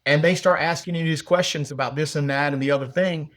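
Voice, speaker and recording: A male sales leader speaks as a guest in a casual interview, his voice sitting a little higher than most men's. He makes his points by acting out everyday scenarios in a lively, storytelling way. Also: fast talker. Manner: lively storyteller who uses hypothetical scenarios.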